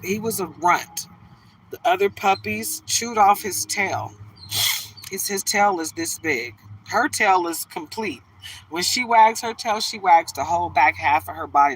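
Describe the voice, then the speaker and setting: A woman's voice: on the low side, moderate pace, distant mic, slight background noise, rough recording. A woman giving a tarot reading in casual chat, laughing often and drifting into stories, from a car. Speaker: tarot reader.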